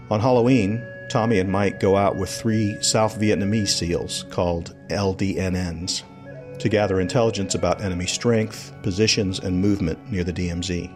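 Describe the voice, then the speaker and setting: A man with a low voice narrates a podcast in a relaxed, storytelling way. He is from South Carolina and talks to listeners as if recounting a trip with friends. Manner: conversational storytelling. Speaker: podcast host.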